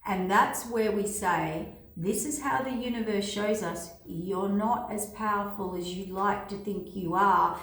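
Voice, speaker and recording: A woman delivering a casual tarot energy forecast, rambling in repetitive phrases full of fillers. Her voice sits at a middle pitch. It echoes strongly around the room. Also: a little slow, hardly any pauses, fairly bright tone. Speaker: tarot reader. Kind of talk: casual spiritual forecast talk.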